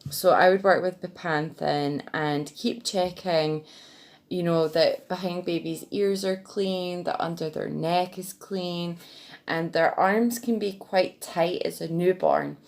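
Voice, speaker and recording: A young woman giving chatty, gentle parenting advice in a casual vlog. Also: fairly low pitch, steady tone, slow pace, gravelly. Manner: chatty, gentle, breaks into sing-song baby talk. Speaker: parenting vlogger.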